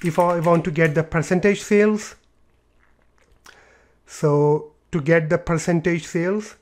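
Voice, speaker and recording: A man's voice: fairly high pitch, fairly even intonation, measured pace. Man walking through a spreadsheet tutorial. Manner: explains step by step with fillers and repeats. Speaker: tutorial presenter. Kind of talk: screen-recorded software tutorial.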